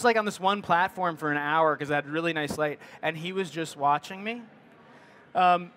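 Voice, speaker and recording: A middle-aged man talks casually to an audience. His voice sits high, and he rambles, with many fillers and restarts as he works through his thoughts. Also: a bit bright. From United States. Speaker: photographer giving a presentation.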